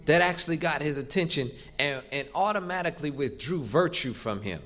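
A man's voice: a little high, animated, fairly quick, fairly bright tone. Man preaching an emphatic sermon. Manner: emphatic, rhythmic preaching with repetition.

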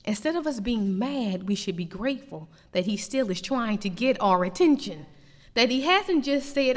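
Animated woman preaching in a reverberant hall. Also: a little high, moderate pace. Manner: animated preaching with rising emphatic peaks. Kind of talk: sermon.

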